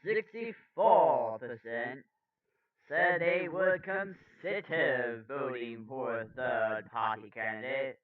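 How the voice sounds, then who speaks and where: A man reads poll numbers in a slow, mock-formal voice, then cuts in with profane, sarcastic jabs. He sits back from the mic, and the sound is thin and tinny, like a phone line. His pitch sits in a middle range. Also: distant mic. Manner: mock-formal reading broken by swearing and sarcasm. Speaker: political commentator. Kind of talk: reading a poll aloud with sarcastic asides.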